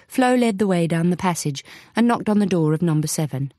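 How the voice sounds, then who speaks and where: A woman reads an audiobook in a measured, even way. Her voice sits low. The recording is close and dry. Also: no room sound. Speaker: audiobook narrator. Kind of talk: audiobook narration.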